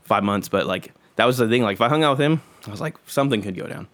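Fast-talking young man telling stories. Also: mid-range voice, expressive. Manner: rambling, profane storytelling full of fillers. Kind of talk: casual chat.

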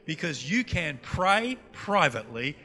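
Lively North Queensland preacher, bright voice. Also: fairly high pitch, a little slow. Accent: North Queensland Australian. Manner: animated, quizzes the audience with questions. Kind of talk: sermon teaching session. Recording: long hall reverb, faint music.

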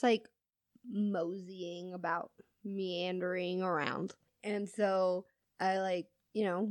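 Young woman chatting slow, laughs a lot, dry close sound. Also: lowish voice, no room sound. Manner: laughs often, storytelling with quoted voices. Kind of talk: casual chat. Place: store worker telling work stories.

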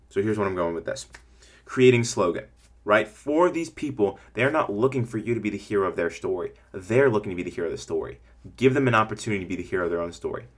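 A man with a fairly low voice hosts a casual coaching podcast for small-business owners. His delivery is energetic and rambling, and he often slips into the voices of imagined customers to make his points. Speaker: podcast host.

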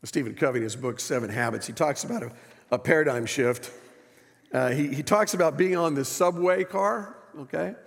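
Middle-aged male pastor, conversational sermon with story asides; slightly high, gravelly voice in an echoey sanctuary. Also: moderate pace. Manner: conversational storytelling, asks the congregation. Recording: echoey church hall.

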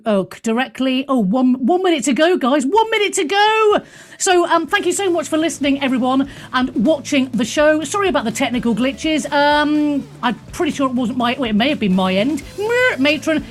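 A British woman hosts a live radio talk show in a chatty, self-deprecating way. She has a fairly high voice for a woman, drops in mild swears and exclamations, and rambles warmly between segments. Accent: British English.

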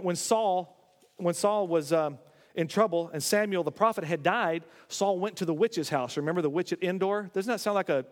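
A man's voice: high-pitched, big-room sound. A man preaching a sermon, retelling a scripture story with acted-out voices and frequent self-corrections. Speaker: pastor.

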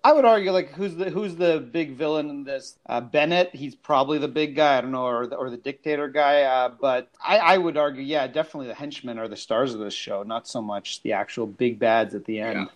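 A man's voice: mid-range voice, brisk, hardly any pauses, dull audio. A man on his first podcast guest appearance, giving wry, opinionated takes on a film. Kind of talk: casual movie review chat.

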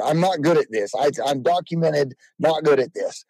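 A man spinning a rambling, animated yarn in a slightly high voice, his delivery jumping between narration and quick impressions. The sound is dry and close to the mic, with no room behind it. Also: slightly rough, dry recording, rough recording. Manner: animated, quotes people in put-on voices. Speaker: rodeo clown guest. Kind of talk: casual storytelling.

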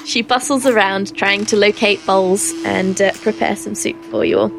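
A woman narrating as game master of a tabletop game, unhurried, with many ums. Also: medium pitch, fairly even intonation, vocal fry, faint music behind.

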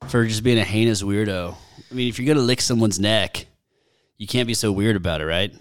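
A man's voice: fairly low pitch, a little fast, clean tone, dry recording, clean studio sound. A man co-hosting a casual chat show, teasing and sarcastic. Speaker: podcast co-host.

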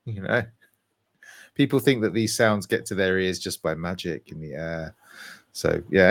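Jokey male podcast host, lowish voice. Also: normal speed. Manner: jokey, playful banter. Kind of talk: casual gaming podcast chat.

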